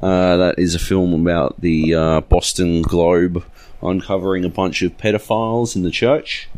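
A man co-hosting a podcast, chatting casually in a jokey, sweary, animated way. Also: low-pitched, moderate pace, dry recording. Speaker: podcast co-host. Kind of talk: casual chat.

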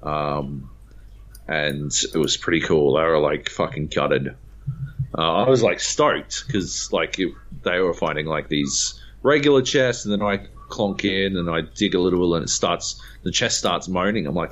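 A man's voice: low voice, unhurried. A man co-hosting a gaming podcast, telling a story with lots of swearing and acted-out voices. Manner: animated storyteller, swears freely, acts out voices. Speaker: podcast co-host. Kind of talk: casual chat. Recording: dull lo-fi podcast audio.

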